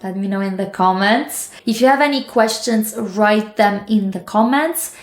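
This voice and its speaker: A woman teaching English who talks casually to camera, explaining with quick examples and asides. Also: medium pitch. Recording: echoey room.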